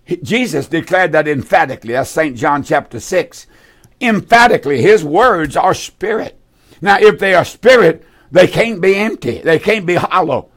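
A man's voice: fairly high pitch, expressive, moderate pace, a bit bright. A man preaching fervently on a radio call-in show, repeating his key phrases for emphasis. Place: radio studio.

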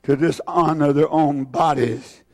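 A high-pitched man preaches a fervent sermon in a church. He repeats phrases and fills his pauses with "uh." His voice swings from shouted lines to hushed, drawn-out ones. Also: fairly even intonation. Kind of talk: impassioned sermon.

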